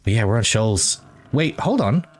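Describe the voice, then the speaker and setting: Man, animated pitch, live game commentary, chatty. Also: moderate pace. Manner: chatty, laughs easily. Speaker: guest co-caster.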